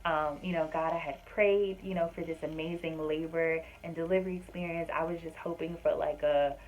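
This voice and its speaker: Woman, low voice, casual storytelling, earnest, chatty, lots of um and like. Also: steady tone, a little fast, a little mellow, poor audio. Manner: earnest, faith-filled, chatty with many fillers. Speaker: vlogger and homemaker.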